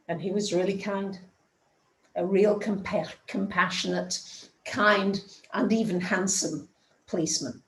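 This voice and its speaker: Woman astrologer, chatty storyteller, medium pitch, echoey room. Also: steady tone, measured pace. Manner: chatty storytelling, acts out dialogue. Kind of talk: casual spoken astrology talk.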